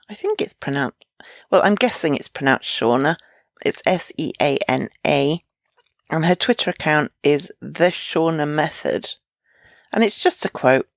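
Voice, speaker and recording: A woman hosting a solo advice podcast, talking in a gentle, encouraging, unhurried way. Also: deep voice, gravelly, no echo, clean studio sound. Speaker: podcast host.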